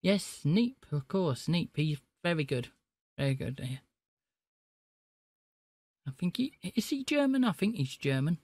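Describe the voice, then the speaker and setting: A man's voice: on the high side, expressive, measured pace, long pauses, darkish tone, dry recording. A man hosting a live stream where he calls phone scammers, teasing them with sarcastic, mock-gullible banter. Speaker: livestream host calling phone scammers.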